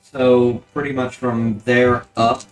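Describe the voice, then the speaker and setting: Man, game master, easygoing narration, lots of ums, mid pitch. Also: slow, soft background music. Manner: relaxed, rambling narration with fillers.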